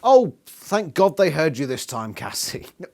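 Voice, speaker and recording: A man's voice: on the high side, big pitch swings, unhurried, darkish tone. A man reviewing a book in a casual vlog, sweary, sarcastic and exasperated.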